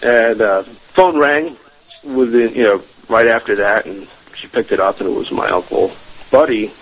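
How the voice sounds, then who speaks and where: A man's voice: mid-range voice, normal speed, rough recording. A man telling a family ghost story as a radio interview guest, rambling with many restarts and fillers.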